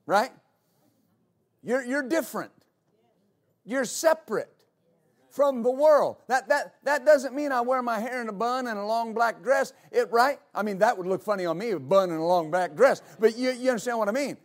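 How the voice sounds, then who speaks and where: A high-pitched man preaching a sermon as pastor of his church. He hammers home key lines by repeating them, his delivery rising to emphatic peaks. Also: lively intonation, moderate pace.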